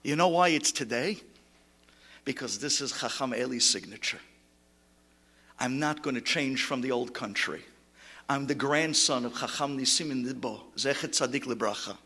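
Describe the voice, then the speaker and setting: A male rabbi giving an impassioned eulogy sermon. He swings between shouting and hushed tones and sprinkles in Hebrew terms. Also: medium pitch, normal speed.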